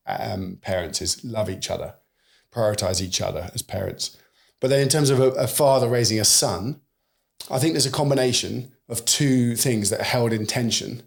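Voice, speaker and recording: A man's voice: fairly low pitch, creaky. A British man in his forties, a podcast guest who talks animatedly and acts out bits of quoted dialogue. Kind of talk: conversational podcast interview.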